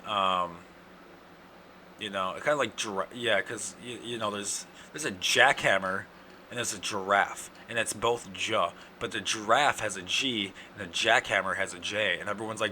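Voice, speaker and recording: A young man with an Upper Midwest accent, hosting a casual solo podcast, ranting and cursing in loud outbursts, his throat dry from yelling. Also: fairly low pitch, normal speed, slight background noise. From Wisconsin. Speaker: podcast host.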